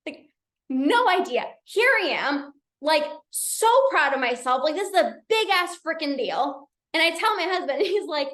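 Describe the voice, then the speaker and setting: Chatty high-voiced woman coaching live. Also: moderate pace, echoey room. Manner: energetic, chatty, many restarts and "like". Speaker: binge eating coach hosting a live session. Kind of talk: casual live-stream talk.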